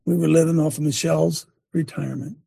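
A man's voice: fairly high pitch, fairly even intonation, quick pace, gravelly, mellow, husky. An older man and former coach giving a sermon-like testimony, telling it emphatically with many repeats and restarts. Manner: breaks off to direct a helper at a screen.

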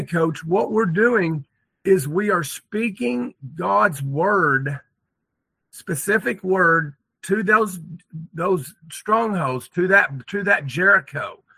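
A man's voice: fairly high pitch, bright, forceful tone, slightly rough, no room sound. A man talking earnestly as a guest on a talk show, often repeating words. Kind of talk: casual chat.

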